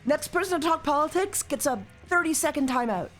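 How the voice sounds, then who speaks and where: A woman with a slightly high voice chats casually through a live game stream, joking and swearing as she goes. She now and then breaks into loud mock rants aimed at her chat. Faint music plays underneath. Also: expressive, a little fast. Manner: jokey and profane, bursts into loud mock rants.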